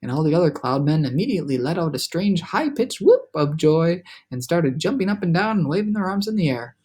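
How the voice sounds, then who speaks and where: A man reading a children's novel aloud with lively, animated storytelling. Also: on the high side, a little fast, husky. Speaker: reader.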